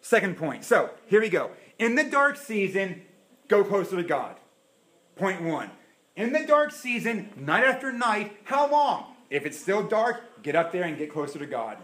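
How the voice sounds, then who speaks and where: A man preaching a sermon in church, acting out quoted prayers and swinging between loud bursts and hushed asides. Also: high voice, very animated, measured pace. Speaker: pastor.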